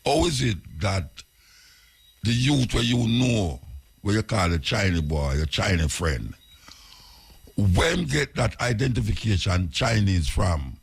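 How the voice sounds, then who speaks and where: A man's voice: fairly low pitch, animated, slow, vocal fry, husky. A radio host with a Jamaican accent, delivering a talk monologue and questioning and urging his listeners.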